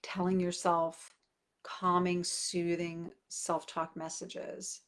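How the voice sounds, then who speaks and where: A woman's voice: fairly low pitch, level tone, slow pace. A woman in her forties, a parenting coach, talking candidly and conversationally to her viewers, with many fillers. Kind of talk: casual direct-to-camera talk.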